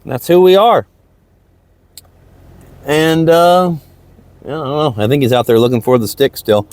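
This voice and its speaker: A man's voice: fairly high pitch, a little slow, a little mellow, dry recording. A man hosting a podcast, rambling through a casual, motivational monologue outdoors near a lake, often repeating himself. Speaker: podcast host. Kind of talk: casual stream-of-consciousness monologue.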